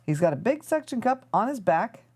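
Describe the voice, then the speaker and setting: Woman host, live-stream chat, rambling and thinking aloud, lively up-and-down delivery. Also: medium pitch, fairly quick, husky. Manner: chatty and rambling, thinking aloud while tinkering. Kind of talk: casual chat to a live audience.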